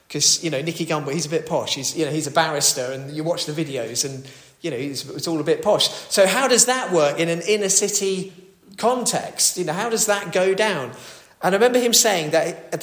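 A man delivering a sermon, talking conversationally with the odd filler and restart. His voice sits a little high for a man. The church around him makes the sound roomy and echoey. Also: a bit bright. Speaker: preacher.

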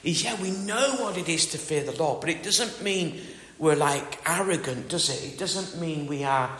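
With a slightly high, somewhat bright voice at normal speed, a middle-aged northern Englishman gives a sermon that is chatty and self-deprecating. Speaking in a northern English accent, he regularly asks the congregation questions, recorded in an echoey hall with long reverb.

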